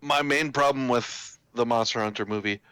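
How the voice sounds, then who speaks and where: A man co-hosting a casual podcast chat, talking in halting bursts with restarts. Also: mid-range voice, bright, forceful tone, smooth, dry recording. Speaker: podcast co-host.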